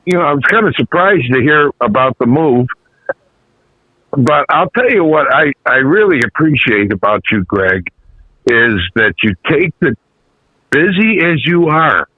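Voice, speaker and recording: A man's voice: a little high, no echo. A man from upstate New York with a New York accent, calling in to a show and talking earnestly and effusively. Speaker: caller. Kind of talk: phone-in chat. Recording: tinny phone line.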